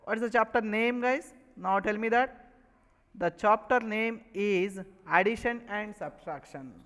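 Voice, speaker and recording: A man's voice: sits high, measured pace, fairly bright tone, in a large hall, poor audio. A man with an Indian English accent teaching a maths lesson, repeatedly asking questions and answering them himself. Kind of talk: online classroom lesson.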